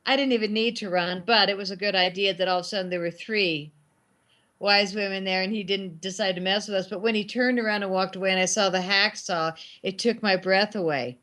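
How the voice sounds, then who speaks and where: A middle-aged woman spins a story in easy conversation, acting out the voices of the people in it. Her pitch sits in an ordinary middle range, and she talks freely and expressively. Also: a little fast. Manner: animated anecdotes with acted quotes. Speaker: guest filmmaker. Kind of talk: casual storytelling.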